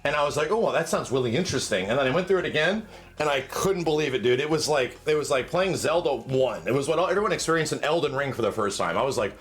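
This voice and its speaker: A man co-hosting a casual gaming debate, telling stories in an animated, profane way. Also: a little high, fast. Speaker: co-host of a gaming debate stream. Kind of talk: casual group chat.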